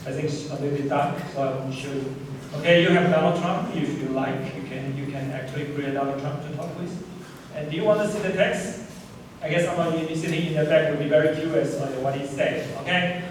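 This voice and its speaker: A middle-aged man giving a live conference lecture, explaining step by step and saying "okay" constantly. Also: fairly high pitch. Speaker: professor giving a plenary talk. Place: large lecture hall. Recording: echoey hall mic from far off, faint noise.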